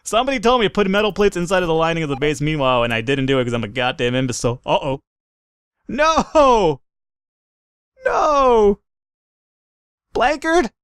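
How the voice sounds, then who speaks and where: A man narrating his gameplay in a let's play, his voice sitting a little high and coming through smooth and clear. He talks excitably and swears freely, laughing at his own blunders. The sound is close and dry, with no room around it. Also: very fast, hardly any pauses, no echo. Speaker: gaming commentator.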